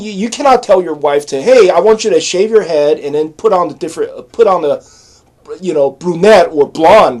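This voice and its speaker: A man's voice: a little high, a little mellow. A man in his forties, a channel host talking in a rambling, repetitive and blunt casual monologue to camera. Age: 40s.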